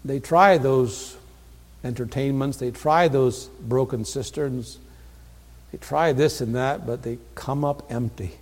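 Male preacher, mid-pitched, earnest sermon delivery with swings from quiet to loud, echoing sanctuary sound. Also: slow. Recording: long hall reverb.

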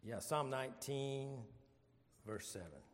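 A man's voice: mid-range voice, lively intonation, slow pace, long reverb tail, a little hiss or hum. A man leading an informal Bible study, folksy and joking, with rambling asides.

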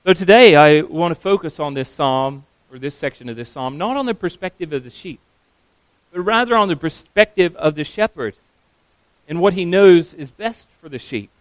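A man preaching a sermon as a pastor, earnest and emphatic, slowing down on key phrases. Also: a little high, animated, no room sound, poor audio.

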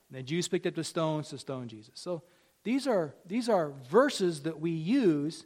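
A man's voice: on the high side, sing-song, a little slow, a little mellow. A man in his forties preaching a sermon in a conversational way, repeating phrases and rising for emphasis. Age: 40s. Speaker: pastor.

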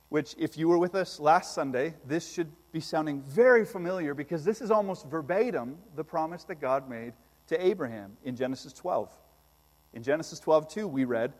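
A man preaching a sermon, reading scripture aloud with slow emphasis and then explaining it to his congregation. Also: fairly high pitch, expressive, darkish tone, long reverb tail. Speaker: pastor.

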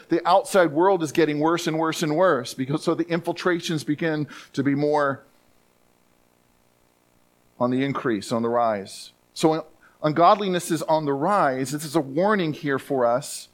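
Earnest male pastor preaching. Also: a little high. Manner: earnest, repeats words for emphasis. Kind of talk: sermon. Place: church sanctuary.

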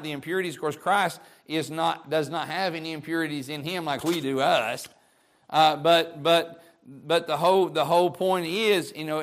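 A man's voice: a little high, fairly bright tone. A man delivering a homespun sermon, talking to his listeners as if across a kitchen table. He circles back, stumbling over repeated words as he gathers a thought, in a mid-range voice with an ordinary pace. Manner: folksy, conversational, repeats words when restarting. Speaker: preacher. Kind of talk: informal sermon.

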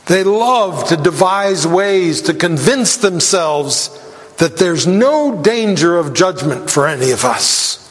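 A man preaching a sermon, deliberate and emphatic, and his voice climbs when he quotes scripture. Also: high-pitched, lively intonation, big-room sound.

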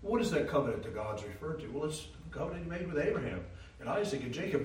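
A man preaching a sermon, emphatic, rising to loud declarations and dropping low again. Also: sing-song, fast. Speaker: pastor. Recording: roomy, from a distance, faint hiss.

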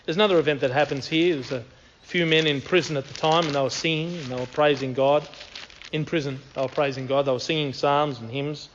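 A man's voice: a little high, steady tone, a little fast, slight background noise. Earnest man preaching, dull lo-fi sound. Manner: earnest, emphatic, repeats key phrases. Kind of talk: sermon with scripture reading.

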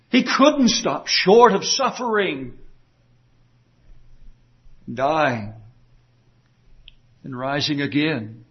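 Emphatic lively preacher, man. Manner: emphatic, dramatic quoting with wide swings of pitch. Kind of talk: sermon. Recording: dull lo-fi recording.

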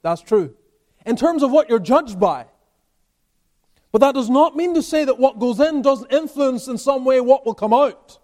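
Male pastor, high voice, emphatic expository preaching in church. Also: lively intonation, normal speed, darkish tone. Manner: emphatic preaching with rising and falling intensity. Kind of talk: expository sermon.

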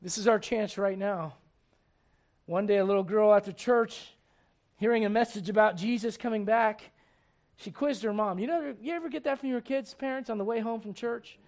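Man, middle-aged, pastor, very high voice, sermon, dynamic swings from loud to hushed, acts out voices. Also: moderate pace. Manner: acts out voices in little scenes.

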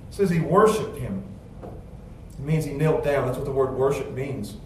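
A man preaching a sermon, moving between quiet, low storytelling and loud, emphatic passages. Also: animated, normal speed, a little hiss or hum. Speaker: pastor. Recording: echoey church sound from a distance.

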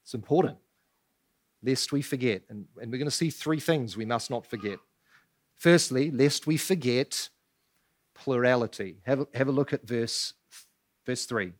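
A man's voice: mid-range voice, animated, moderate pace. A man preaching a sermon as pastor, asking rhetorical questions and pressing his points with emphasis. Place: church.

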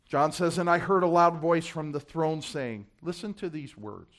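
A man preaching a sermon, dropping to hushed asides and swelling to loud, emphatic climaxes, repeating key phrases and stumbling over words as he builds. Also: fairly high pitch, expressive, normal speed. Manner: stammers and restarts when building to a point.

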